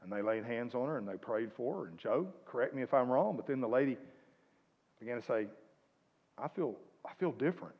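Man preaching, loud then hushed, muffled sound, long hall reverb. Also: mid-range voice, brisk. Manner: swings between loud exhortation and quiet asides. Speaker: pastor. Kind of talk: sermon.

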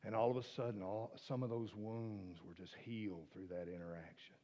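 Preacher with twang in an echoing hall. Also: male voice, fairly low pitch, flat delivery, brisk. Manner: swings from soft hushed asides to loud emphatic preaching. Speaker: pastor. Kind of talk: sermon.

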